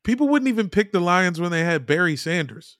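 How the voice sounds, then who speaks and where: A man's voice: high voice, lively intonation, a little fast, a bit bright, no room sound. A man co-hosting a casual sports podcast, with dry, wry jokes. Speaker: podcast co-host.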